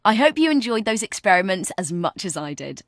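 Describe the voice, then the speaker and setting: A woman narrates a workplace communication exercise as a guide. Her delivery is scripted but encouraging, and her intonation swings widely as she coaches. Her voice sits at an average pitch and sounds dry and close. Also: very animated, brisk, no room sound. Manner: encouraging, coaching the listener step by step. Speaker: virtual training guide.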